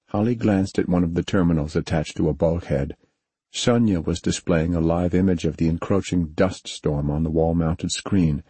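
Deep husky male audiobook narrator. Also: mellow, no room sound. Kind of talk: scripted narration.

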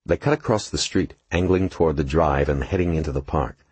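A man narrating an audiobook in an expressive, measured storytelling manner. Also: extremely low pitch, slightly rough, no echo. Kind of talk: scripted narration.

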